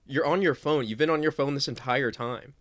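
A man's voice: mid-range voice, fairly quick. A young man co-hosting a podcast in casual chat, joking, interjecting and repeating his words as he goes. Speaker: podcast co-host.

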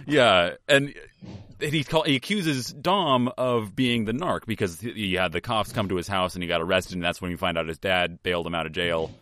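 A man co-hosting a podcast in a casual movie-recap chat, recounting scenes at length in a relaxed way. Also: low-pitched, normal speed, dry recording, studio quality. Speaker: podcast co-host.

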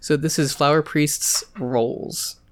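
Podcast host, hesitant and casual, reads a short story aloud at a mid pitch. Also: fairly even intonation, slow pace. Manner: hesitant, many fillers. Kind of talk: casual chat and story reading.

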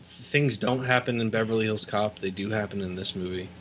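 Man, rambling co-host with crude jokes, sharp bright voice, faint background noise. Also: lowish voice, brisk. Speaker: podcast co-host. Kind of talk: casual movie discussion.

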